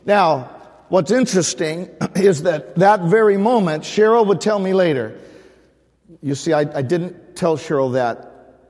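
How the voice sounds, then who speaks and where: An older man preaches in a church, his voice sitting high for a man. He speaks with earnest fervor and calls out to the congregation for responses. A long reverb from the hall trails each phrase. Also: expressive, measured pace, a little mellow. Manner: earnest, fervent preaching with audience call-outs. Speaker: pastor. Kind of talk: sermon. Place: church sanctuary.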